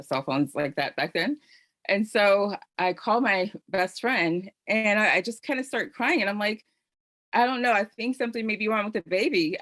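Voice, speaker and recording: A middle-aged woman with a lowish voice shares a personal story on an online panel. Her delivery is earnest and heartfelt, with plenty of conversational fillers. The sound is dry and close, as if from a video call microphone. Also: a bit bright, no room sound. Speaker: panel host sharing her own story. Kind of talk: personal testimony on a virtual panel.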